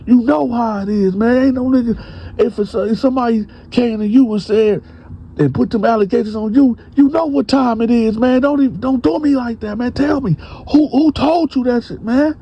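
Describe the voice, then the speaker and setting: A man's voice: medium pitch, a little fast, lo-fi sound, lightly acted. A man voicing a defensive, hot-tempered male prison gang member who talks frantically and keeps repeating "man" and "bruh". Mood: frantic.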